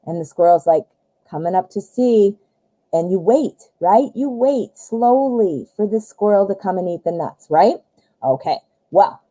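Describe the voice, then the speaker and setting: A woman reads tarot cards live for her viewers. Her voice is mellow and warm, and she talks in a chatty, expressive way, addressing the viewer as honey. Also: mid-range voice, rough recording. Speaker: tarot reader.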